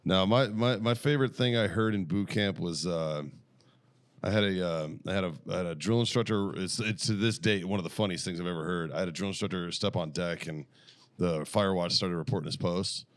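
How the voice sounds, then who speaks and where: A man's voice: low voice, brisk, dry recording. A man co-hosting a podcast, telling stories in laid-back casual chat and swearing freely. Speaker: podcast co-host.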